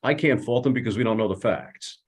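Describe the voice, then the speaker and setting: A man's voice: fairly low pitch, fairly quick, husky. A man, an attorney co-hosting a casual legal discussion, talking conversationally with many fillers. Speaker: attorney and co-host.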